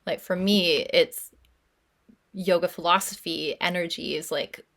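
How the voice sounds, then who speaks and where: A woman's voice: lowish voice, steady tone, measured pace, creaky, fairly bright tone. A woman co-hosting a yoga podcast, chatting earnestly and reflectively, with lots of "like" fillers. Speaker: podcast co-host. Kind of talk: casual chat.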